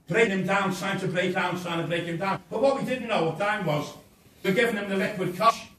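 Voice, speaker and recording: Older man, high voice, impassioned storytelling, heard from the audience in a very echoey room, faint background noise. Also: fairly bright tone, recorded from a distance. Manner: impassioned, blunt, acts out dialogue. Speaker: speaker at a campaign meeting. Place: inn function room. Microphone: camera in the audience.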